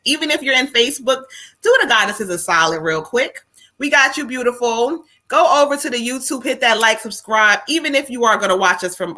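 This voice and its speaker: Casting: middle-aged woman, psychic live-stream host, higher voice, lively and exclamatory. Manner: lively, loud exclamations and laughter.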